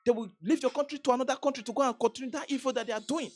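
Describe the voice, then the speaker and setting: Nigerian woman vlogger, high husky voice, emphatic rant with faint music under it. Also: rapid-fire, darkish tone. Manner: emphatic, repetitive, stammering restarts. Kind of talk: impassioned political commentary.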